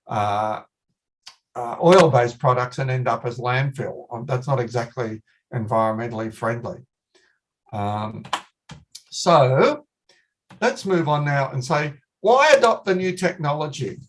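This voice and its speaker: A middle-aged man with an Australian accent giving an online technical presentation in a conversational way, repeating his key points for emphasis. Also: mid-range voice. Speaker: guest speaker, company managing director.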